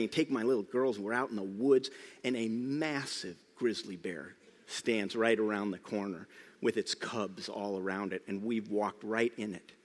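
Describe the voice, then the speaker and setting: Male pastor preaching in a reverberant church. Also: mid-range voice. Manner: animated storytelling, swings from loud emphasis to hushed tones. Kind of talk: sermon. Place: church sanctuary.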